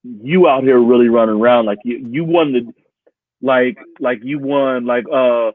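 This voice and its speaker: A man co-hosting a casual sports chat, talking in an animated, profane way and laughing often. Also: mid-range voice, measured pace, dry recording. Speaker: podcast co-host. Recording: tinny phone-like sound, dry.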